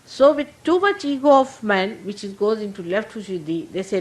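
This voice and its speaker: An older woman with an Indian accent, a spiritual teacher giving a gentle, humorous sermon to her followers. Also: mid-range voice, expressive, moderate pace, poor audio. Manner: gentle, humorous, laughing as she talks.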